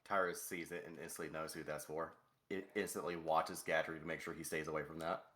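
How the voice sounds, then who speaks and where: A man's voice: very deep voice, flat delivery, fairly quick, fairly bright tone. A man playing a tabletop game, joking casually with the table. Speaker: player.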